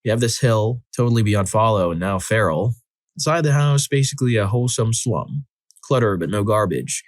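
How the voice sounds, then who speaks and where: A man narrating a string of reader-submitted stories in a steady read-aloud manner. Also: on the low side, normal speed, dry recording, clean studio sound. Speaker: story narrator.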